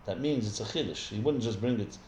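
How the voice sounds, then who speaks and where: Rabbi teaching a text class in an echoey room. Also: male voice, on the low side, a little fast, darkish tone, a little hiss or hum. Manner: thinks aloud with many restarts, explanatory. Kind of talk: live text study class. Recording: echoey room with faint ambience.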